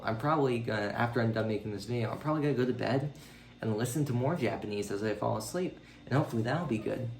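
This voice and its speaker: Chatty man rambling in an echoey room. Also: darkish tone. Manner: rambling and chatty, with many ums and uhs; pitch leaps up when quoting his own reactions. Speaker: language-learning vlogger. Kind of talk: casual video diary.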